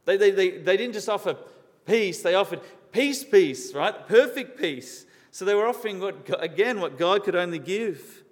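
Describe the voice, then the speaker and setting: A man's voice: high voice, lively intonation, normal speed. A man preaching a sermon in an earnest, questioning way, repeating key words for emphasis. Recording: long reverb of a large hall.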